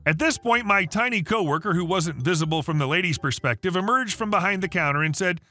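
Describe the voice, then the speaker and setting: A man narrating online stories aloud, in a lively storytelling way. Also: high voice, fairly quick, few pauses. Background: faint background music.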